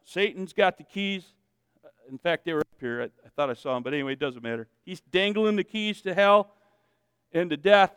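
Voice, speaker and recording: A male pastor preaching a sermon with lots of energy, moving between loud shouted calls and quiet asides to the congregation. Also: a little high, steady tone, a little fast, clean tone, dry recording, studio quality, in a large hall. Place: church sanctuary with congregation.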